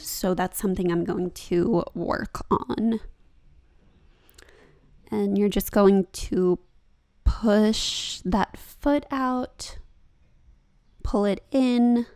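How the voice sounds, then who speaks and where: A woman's voice: mid-range voice, mellow. A young woman talking casually over her own yoga practice as a vlogger, chatty and laughing at herself.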